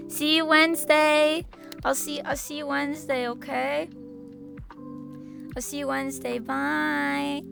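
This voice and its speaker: A woman streamer talks to her viewers in a slow, unhurried way, gushing and playful. Her fairly high voice has a gravelly fry to it. Music plays clearly underneath. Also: fairly even intonation, a bit bright. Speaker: VTuber streamer. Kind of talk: casual chat with stream viewers. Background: background music.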